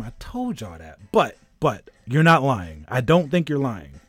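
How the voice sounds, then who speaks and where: A man's voice: medium pitch, sing-song, unhurried, few pauses, husky, dry recording. A man around thirty, a game streamer in casual live-stream chat, telling a rambling story while greeting viewers.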